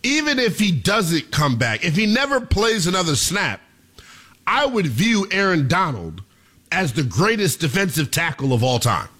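A young man hosting sports talk radio, delivering a theatrical monologue that he keeps addressing to the listeners as ladies and gentlemen. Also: a little high, very animated, normal speed.

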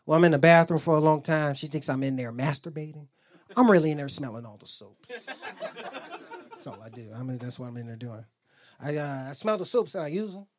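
This stand-up comedian has a voice on the high side and a brisk delivery. Performing on a club stage, he spins loose, profane stories and acts out the voices of their characters.

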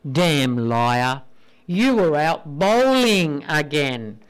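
A woman's voice: low voice, big pitch swings, very slow, smooth, pitched below the performer's own voice, full character voice. Brief: woman voicing an angry suspicious wife in a joke, demanding, stern. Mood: furious. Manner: scolding, demanding. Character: furious suspicious adult wife.

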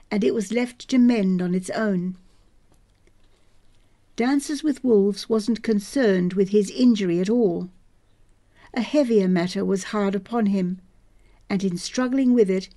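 A woman reading a novel aloud in a slow, soft, measured way. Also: medium pitch. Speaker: audiobook reader. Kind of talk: scripted narration.

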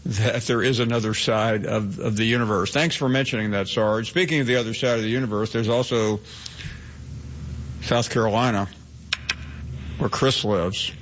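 A man hosts a radio talk show and takes callers in a brisk, friendly manner. His voice sits at a middle pitch. The sound is dull and lo-fi. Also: fairly bright tone. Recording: dull lo-fi audio.

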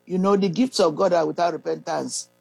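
A preacher reading scripture and leading a listener through a prayer of salvation, pausing often with fillers and clearing the throat. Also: medium pitch, fairly even intonation, darkish tone, no room sound, low-quality recording. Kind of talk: slow devotional teaching and guided prayer.

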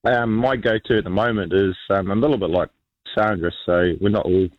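A man's voice: lowish voice, brisk, no echo, highs cut off. A New man chatting casually as a radio guest, rambling with lots of ums and restarts.

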